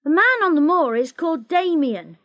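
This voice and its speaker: A woman's voice: sits high, very animated, normal speed, a bit bright, highs cut off, voice pushed up. A woman voicing a cheeky teenage boy who teases his sister in a storybook reading. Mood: teasing. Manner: playful teasing. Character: teenage boy, teasing cheeky younger brother.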